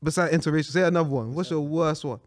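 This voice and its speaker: A man's voice: a little high, fast talker. A young man in casual chat, telling stories with playful exaggeration.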